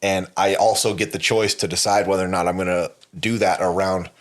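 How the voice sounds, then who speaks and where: A podcast co-host with a deep voice and steady tone talks a little fast, recounting a candid personal story. He rambles with lots of fillers and restarts and swears frequently.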